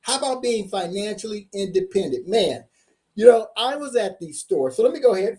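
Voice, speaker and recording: Hyped-up tax coach man, high voice. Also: animated, moderate pace, a little mellow. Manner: hyped-up, repeats "okay?" often. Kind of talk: live-streamed seminar talk.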